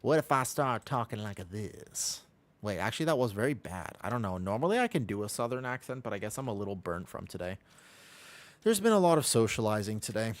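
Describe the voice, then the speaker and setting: A man's voice: fairly low pitch, sing-song, fast. An American man chatting casually on a live stream while gaming, rambling along and humming to himself on a desk mic. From United States.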